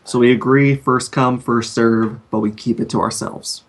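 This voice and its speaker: A man's voice: medium pitch, steady tone, moderate pace. A man playing in a tabletop game over a video call, talking casually with lots of "like" fillers. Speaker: player.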